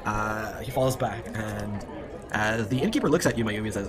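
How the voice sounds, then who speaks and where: A man narrating a tabletop game as game master, quickly and with many fillers. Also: lowish voice, crowd noise.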